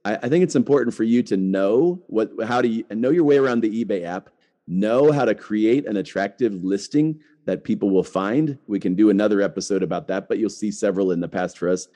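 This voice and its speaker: A middle-aged man runs a podcast, speaking fairly quickly in a low, mellow voice. His talk is loose and chatty, peppered with "like" and frequent restarts.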